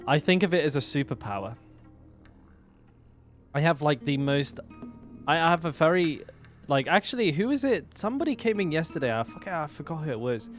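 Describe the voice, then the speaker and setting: A man's voice: on the high side, very animated, normal speed, pauses often, soft background music. An English man with a West Country accent, chatting casually to his live-stream viewers, rambling and swearing now and then. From England. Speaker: game streamer.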